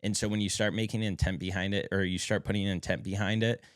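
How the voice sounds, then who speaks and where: A man's voice: low voice, fairly even intonation, fast, dry recording, clean studio sound. A man co-hosting a podcast, speaking with motivational passion in casual chat and swearing casually. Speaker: podcast co-host.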